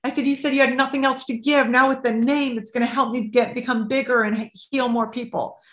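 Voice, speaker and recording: A middle-aged woman, a life coach and interview guest, telling a story with lively, expressive acted-out dialogue. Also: a little high, fairly quick. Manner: acts out both sides of remembered dialogue, lively and expressive. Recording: roomy echo.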